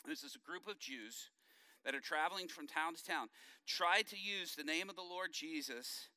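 A middle-aged male pastor preaching a sermon, telling stories in an animated way and acting out the quotes. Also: a little high, normal speed, no room sound, studio quality.

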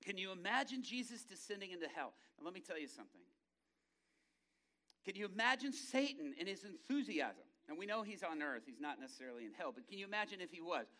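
A male preacher with a high, bright voice. He tells dramatic stories and acts out the characters' voices. He swings from hushed low passages to loud, excited bursts. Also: fast talker. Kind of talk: sermon.

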